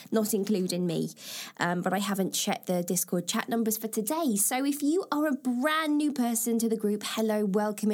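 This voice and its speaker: Woman, fairly high voice, chatty and encouraging, group leader recap. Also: a little mellow. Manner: chatty, encouraging, explains with everyday examples. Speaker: online self-help group leader. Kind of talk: casual recorded recap talk.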